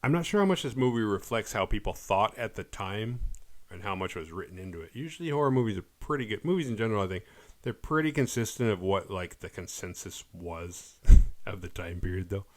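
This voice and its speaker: A man casually recapping a horror movie on his podcast, acting out characters' lines as he goes. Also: lowish voice. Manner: animated retelling, quick quoted voices for characters.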